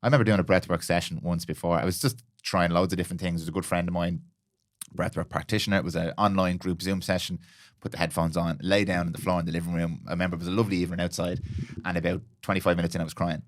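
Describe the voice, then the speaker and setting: A man with a very deep voice hosts a podcast conversation. He talks quickly and reflectively, sharing personal stories with frequent restarts. The recording is dry and close. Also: little pitch movement, dry recording. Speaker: podcast host. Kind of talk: casual interview chat.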